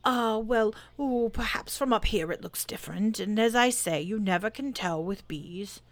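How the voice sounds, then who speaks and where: A woman voicing a gentle, slow, dreamy male teddy bear who hums and ponders as he talks. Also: mid-range voice, voice pushed up, close to an everyday voice. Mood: pondering.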